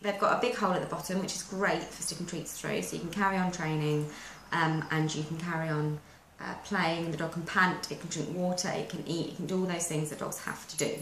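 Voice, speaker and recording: A woman with a lowish voice walks through dog training in a chatty, practical way. She is recorded in an echoey room with faint background noise. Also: fairly even intonation, a little fast, few pauses, a bit bright. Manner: chatty, practical step-by-step explaining. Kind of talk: instructional how-to video.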